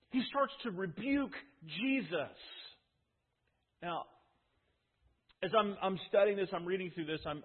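A male pastor preaching a sermon, telling the story emphatically with frequent restarts in a husky voice. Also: sits high. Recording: tinny phone-like sound.

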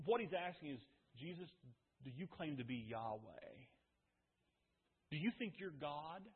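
A man preaching a sermon, talking conversationally and firing off rhetorical questions with dramatic pauses. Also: a little high, animated, slightly rough. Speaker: pastor. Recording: phone-like audio with long hall reverb.

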